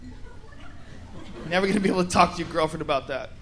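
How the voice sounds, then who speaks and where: Animated stand-up comedian man, high voice. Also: fairly quick, a faint crowd, a little hiss or hum. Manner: loud, animated, shouting bits.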